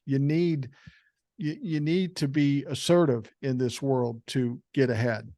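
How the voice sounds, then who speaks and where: A man's voice: mid-range voice, steady tone, a little slow, warm tone, dry recording, clean studio sound. An older man hosting a podcast in casual conversation, blunt and swearing freely, often repeating words as he starts a thought. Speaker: podcast host.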